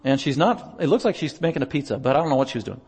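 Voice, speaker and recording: A male pastor chatting through a slideshow report during a church service, telling stories in an animated way and laughing often. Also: medium pitch, racing, breathy edge. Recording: long reverb of a large hall.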